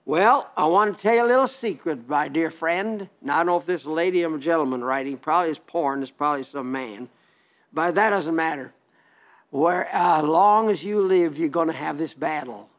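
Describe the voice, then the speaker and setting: A man's voice: on the high side, normal speed. An older man from South Dakota, a radio preacher reading listener letters and giving a plainspoken, folksy sermon that rambles with restarts.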